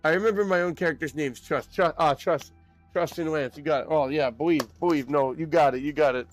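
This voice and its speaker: A young man streaming a game, chatting casually with his audience in an excitable, rambling way with quick laughs. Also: fairly high pitch, soft background music. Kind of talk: casual live-stream chat while gaming.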